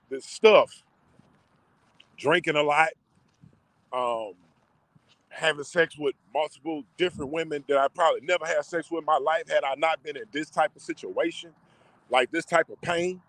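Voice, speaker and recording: A man's voice: fairly high pitch, moderate pace, dry recording. Dude telling his story, lots of like and man, emotional, dry sound. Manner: emotional, conversational, heavy slang, many fillers. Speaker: vlogger. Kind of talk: casual personal storytelling to camera.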